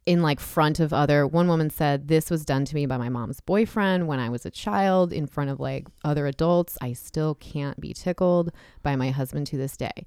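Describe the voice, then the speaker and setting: A woman's voice: low-pitched, normal speed, hardly any pauses, darkish tone, clean tone, no echo, studio quality. A woman in her thirties hosting a casual chat, talking candidly with frequent swearing and laughter. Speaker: podcast host.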